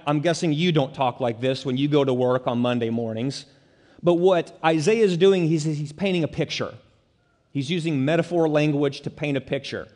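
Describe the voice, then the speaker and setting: A man's voice: a little high, a little mellow. A man preaching a sermon as pastor, earnest and building to urgent emphasis. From central Illinois, US. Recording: long hall reverb.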